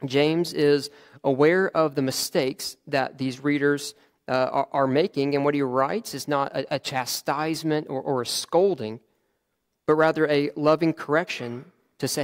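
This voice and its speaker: A man's voice: a little high, steady tone, measured pace. A man preaching a sermon in a conversational way, often restarting his phrases and adding fillers.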